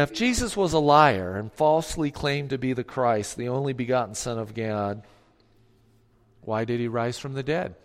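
Preacher man in a reverberant hall. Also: mid-range voice. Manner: emphatic, rhetorical questions, acts out quotes. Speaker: pastor. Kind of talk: sermon.

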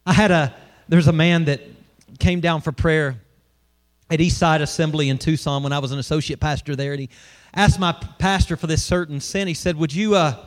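A man's voice: a little high, fairly even intonation, normal speed. A middle-aged male pastor preaching a sermon in a conversational way, asking the congregation questions as he reads scripture.

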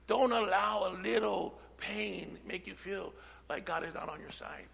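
High, gravelly male preacher in hall. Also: normal speed, slight background noise. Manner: swings from shouting to near whisper; peppers speech with amen and call-and-response. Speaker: pastor. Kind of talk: sermon. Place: church sanctuary.

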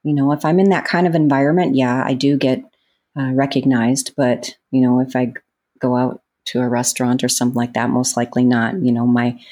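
Her voice is very deep and she speaks a little fast. As an actress guesting on an interview, she narrates stories animatedly, laughing a lot and impersonating what others said.

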